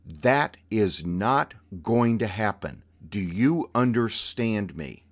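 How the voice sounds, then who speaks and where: A man voicing a genteel older aunt who is sweet-voiced but iron-willed, speaking in drawn-out endearments and slow, firm commands. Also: fairly low pitch, lively intonation. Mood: stern warning.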